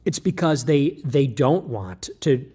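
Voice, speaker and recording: A man giving a rambling livestream monologue, breaking off mid-thought and starting again with quick asides. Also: mid-range voice, animated, mellow, husky. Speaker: political streamer.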